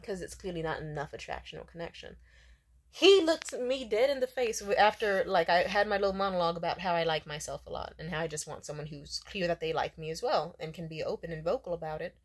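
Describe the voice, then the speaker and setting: A woman's voice: lowish voice, fast talker. Blunt, profane young woman ranting. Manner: blunt, profane and indignant, full of fillers. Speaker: vlogger. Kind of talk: casual storytime rant.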